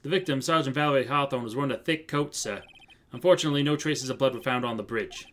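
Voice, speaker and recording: A man's voice: mid-range voice, fast, a bit bright, lightly acted. A man voicing a male police detective in a game who gives testimony in a businesslike way and addresses the judge as "sir". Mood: dutiful. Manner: deferential and businesslike, adds "sir".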